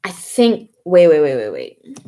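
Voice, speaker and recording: A woman's voice: low voice, huge pitch swings, unhurried, mellow. A young woman vlogging in a casual, rambling way, stopping now and then to recall names. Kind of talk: casual chat reading and answering comments.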